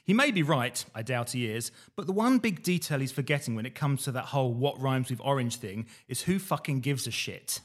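A man co-hosting a casual podcast, reading old diary entries aloud in a dry, deadpan way with the odd swear. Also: mid-range voice, fairly quick, few pauses.

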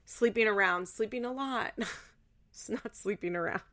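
A woman's voice: a little high, moderate pace. A woman host chatting casually in a recap, chatty and loose with fillers and the odd swear word.

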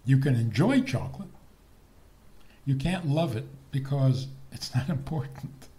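A man's voice: medium pitch, animated, unhurried, dark tone. A man giving a humorous lecture on marriage, playful and chuckling at his own jokes.

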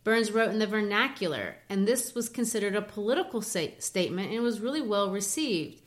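A woman's voice: mid-range voice, lively intonation, a little fast. A woman with a mid-range voice talks through a poem like a patient teacher. Her delivery is chatty and explanatory, with small restarts as she finds the right words. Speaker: co-host explaining poetry. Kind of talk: casual educational chat.

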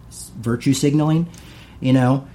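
A man's voice: mid-range voice, fairly even intonation, normal speed, dark tone, slight background noise. A middle-aged man hosting a casual talk, reading passages aloud and paraphrasing them with many asides.

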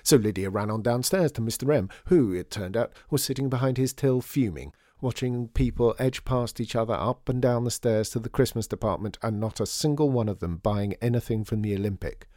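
A man narrating his own children's storybook with an even, expressive reading. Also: medium pitch, fairly quick, few pauses, dry recording, studio quality. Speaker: author and narrator.

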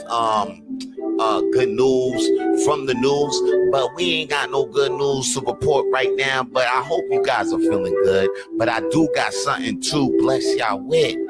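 A man hosting a casual live podcast, talking in a slangy, profane, hyped-up motivational way. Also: medium pitch. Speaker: podcast host.

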